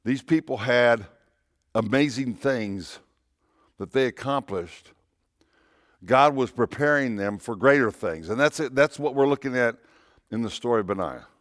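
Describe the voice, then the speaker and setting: A pastor preaches in an easy, talking-to-you manner, circling back on his phrases and tossing out rhetorical questions. His voice sits at an ordinary male pitch. The recording is dry and close, with no room echo. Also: animated, unhurried, long pauses. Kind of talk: sermon. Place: church.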